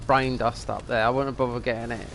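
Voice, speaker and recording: A man's voice: mid-range voice, fairly even intonation, brisk, gravelly, fairly bright tone, slight background noise. A middle-aged man, rambling and thinking aloud as he comments on a game, now and then swearing at it. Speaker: streamer. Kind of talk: casual gameplay commentary.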